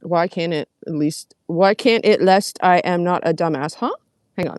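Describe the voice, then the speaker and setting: A woman's voice: lowish voice, moderate pace, a little mellow, no echo. A young woman, livestreaming and reading out comments in casual, sarcastic, profane chat. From Canada.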